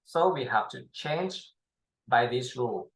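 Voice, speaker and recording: A man teaching a spoken language lesson in halting non-native English, with many pauses and fillers; his first language is Thai. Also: medium pitch, expressive, rough recording. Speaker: language tutor.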